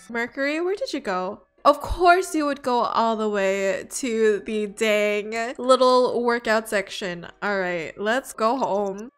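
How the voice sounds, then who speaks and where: A woman hosting a let's play, chatting along and gasping at exciting moments. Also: a little high, takes it slowly, few pauses, smooth. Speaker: gaming channel host. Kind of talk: let's play commentary with face cam.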